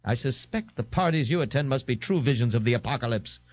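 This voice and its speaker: A man's voice: medium pitch, lively intonation, fast, dry recording, lightly acted. Ignatius: a man doing a pompous, scolding crank. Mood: scornful. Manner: haughty, florid and scolding, with grand pronouncements. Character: pompous, indignant, bloated male eccentric. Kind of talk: audiobook character voice. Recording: dull, dry 1989 tape recording.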